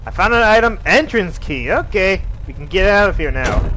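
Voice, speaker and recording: A young man giving giggly, excitable gameplay commentary, swearing often. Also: high voice, moderate pace, a little hiss or hum, rough recording. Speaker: let's play gamer.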